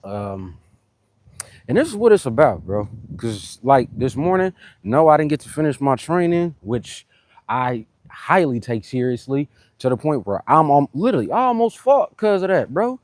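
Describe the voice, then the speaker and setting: This man speaks at a moderate pace in a sing-song, darkish mid-range voice, with no echo. Chatting casually to viewers on a fitness livestream, he rambles between workout sets, greets commenters, and keeps repeating "you know what I'm saying."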